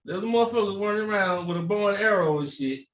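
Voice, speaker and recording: A man's voice: high-pitched, expressive, fast, a bit bright, far from the mic, highs cut off. A man telling profane comic stories on a podcast, acting out scenes in exaggerated voices. He sits away from the mic in an echoey room with a faint hiss behind him. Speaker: podcast co-host. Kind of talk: casual comedic chat.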